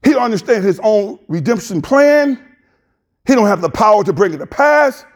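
A man's voice: high voice, sing-song, normal speed. A male pastor, preaching a passionate sermon in a church, hollering with plain colloquial speech.

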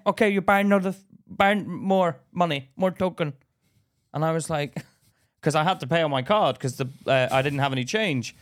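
A man, co-hosting a podcast, telling a story in casual chat and acting out the other people's voices. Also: fairly high pitch. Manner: animated, acts out voices in anecdotes. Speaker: podcast co-host.

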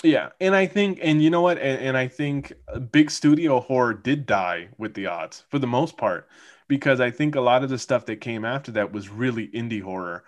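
A man's voice: mid-range voice, normal speed. A man co-hosting a casual podcast, rambling with many fillers and laughing often. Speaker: podcast co-host. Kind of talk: casual chat.

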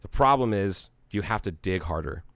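A man's voice: sits low, normal speed, dry recording. A man of forty from Ohio, chatting casually on a podcast and telling a story with plenty of quoted back-and-forth dialogue, swearing now and then. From Ohio, United States. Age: 40s. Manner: animated storyteller, acts out both sides of a conversation.

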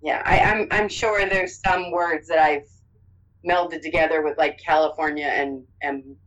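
A woman's voice: deep voice, steady tone, a little slow, a bit bright, poor audio. Wry woman with dry quips. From Massachusetts. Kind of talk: casual chat.

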